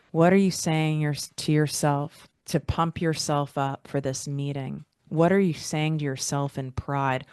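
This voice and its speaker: A woman with a low voice hosts a motivational podcast and talks the listener through a guided visualization. She keeps asking questions in an encouraging tone. The recording is dry and close, with no room sound. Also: a little mellow, clear, resonant tone, dry recording. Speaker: podcast host.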